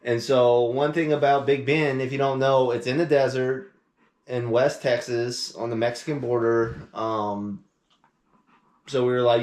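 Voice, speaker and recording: A man at an everyday middle pitch tells a trip story in a loose, rambling way, full of fillers and little acted-out quotes. His voice rings in an echoey room. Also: steady tone, a little slow, a little mellow. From Louisiana, USA. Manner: rambling, filler-heavy, acts out quoted phone calls. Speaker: podcast co-host. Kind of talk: casual storytelling chat.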